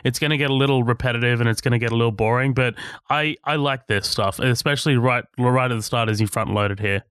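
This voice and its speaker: A man with a smooth, clear voice at a middle pitch chats easily about a film, relaxed and agreeable. The sound is dry and close-miked. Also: fast talker, no echo. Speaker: podcast co-host. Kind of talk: casual movie discussion.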